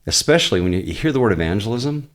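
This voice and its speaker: Deep-voiced pastor explaining earnestly. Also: male voice, very animated, racing. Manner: earnest, explains at length with frequent restarts. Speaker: pastor, podcast guest. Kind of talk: casual podcast interview.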